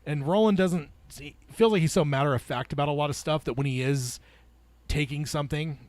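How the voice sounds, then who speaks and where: A man's voice: a little high, fairly quick, no echo. A man hosting a casual book club podcast, reading passages aloud and talking it over with plenty of fillers and restarts. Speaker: podcast host.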